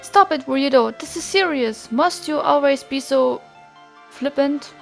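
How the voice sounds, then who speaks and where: A woman's voice: high-pitched, unhurried, gravelly, soft background music. A woman reading as a solemn, troubled young songstress. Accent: German. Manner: earnest, formal, solemn. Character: earnest young female songstress, solemn and worried.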